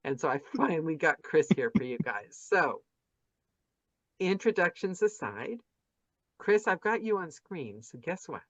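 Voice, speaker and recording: A woman's voice: low-pitched, very animated, a little slow, dry recording. A woman hosting a casual interview over a video call, chatty and effusive, gushing and restarting her sentences. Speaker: podcast host interviewing narrators. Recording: dull lo-fi video call audio.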